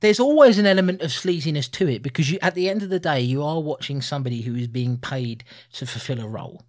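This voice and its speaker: A man in his thirties co-hosting a casual film review podcast, animated and laughing often. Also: on the high side, quick pace. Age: 30s. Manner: animated, laughing, puts on voices for quotes. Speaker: podcast co-host.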